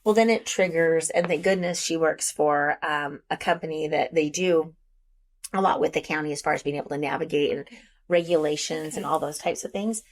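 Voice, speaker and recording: A woman realtor telling work stories in a casual, chatty podcast conversation, from the United States. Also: sits low. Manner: chatty, quick asides, storytelling. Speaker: realtor guest.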